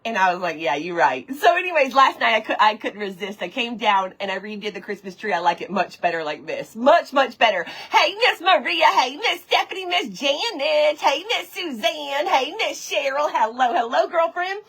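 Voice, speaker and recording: A woman's voice: high-pitched, lively intonation, normal speed, few pauses, a bit bright. A woman hosting a live craft stream, chatting casually and greeting viewers one by one by name. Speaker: livestream host of a craft show. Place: home woodshop.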